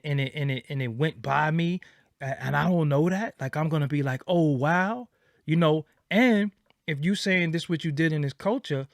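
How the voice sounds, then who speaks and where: A man with a somewhat high voice gives casual commentary as an interviewer. He talks emphatically and repeats his points for weight. The sound is dry and close. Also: no room sound. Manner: emphatic, repetitive, acts out quoted reactions.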